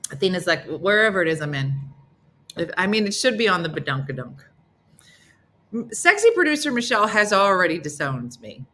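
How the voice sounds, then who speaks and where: With a sing-song lilt, moderate pace and frequent pauses, a middle-aged host runs her laid-back live morning show. Her tone is bright and forceful as she teases viewers and slips into squeaky, silly voices for other people.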